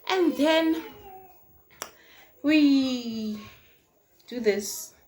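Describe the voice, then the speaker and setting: A young South African woman telling a casual storytime on her vlog, animated and slangy, swinging between loud and hushed. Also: sits high, drawn-out words. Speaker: vlogger. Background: faint noise from outside.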